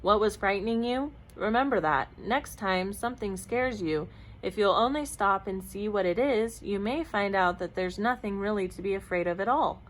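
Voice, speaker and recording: A brave, wise lion, put on by a woman reading a storybook aloud speaks with slow, steady calm. Each word lands firmly and reassuringly, like a patient leader settling a panic. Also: mid-range voice, lightly acted.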